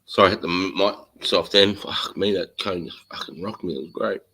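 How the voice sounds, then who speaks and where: A man's voice: low-pitched, brisk, sharp tone, breathy edge. A man hosting a live stream, chatting casually and swearing, greeting viewers by name.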